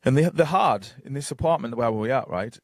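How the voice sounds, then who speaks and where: A brisk, mid-range male voice with lively intonation belongs to a Geordie psychic medium from North East England. As a podcast guest he tells long, casual, rambling stories heavy on fillers and quoted dialogue, captured in a dry, clean studio recording.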